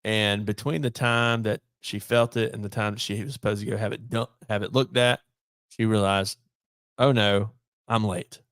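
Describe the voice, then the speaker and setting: A man's voice: on the low side, fairly even intonation, normal speed, fairly bright tone, no room sound, clean studio sound. A man, a podcast guest telling a long personal story in casual talk, acting out bits of dialogue along the way. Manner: long anecdote with quoted dialogue and many restarts.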